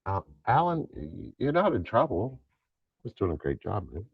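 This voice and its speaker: Deep voiced guy on a livestream, swings up and down a lot, jokey, kinda muffled dry sound. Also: moderate pace, vocal fry, breathy edge, no echo. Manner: animated, joking, swears casually. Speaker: co-host. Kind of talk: casual live stream chat.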